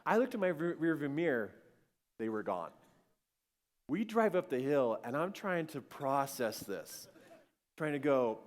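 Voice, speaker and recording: A man giving an animated storytelling sermon to a live audience and acting out the voices in his story. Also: a little high, a little slow, long pauses. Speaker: speaker. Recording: long-reverb hall.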